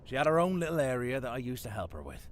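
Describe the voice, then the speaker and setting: A man's voice: mid-range voice, very animated, quick pace, a little hiss or hum, lightly acted. A man voicing a macabre West Country gardener. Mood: wry. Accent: English West Country. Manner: wry, theatrical, darkly playful. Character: dead old English gardener, dry, macabre. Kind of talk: video game voice acting.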